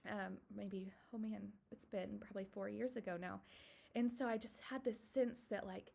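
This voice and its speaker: A young adult woman telling a personal story to camera in a casual, earnest way, with many fillers and soft whispered asides. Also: medium pitch, fairly even intonation, moderate pace, creaky. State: tearful at moments. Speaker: vlogger.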